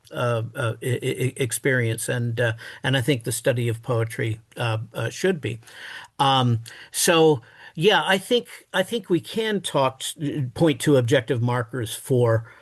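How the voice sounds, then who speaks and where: Male academic guest, halting delivery full of fillers, mid-pitched, dry close recording. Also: no echo. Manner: halting, many fillers and restarts; reads verse aloud with exaggerated stress. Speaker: guest scholar. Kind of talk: thoughtful interview answers.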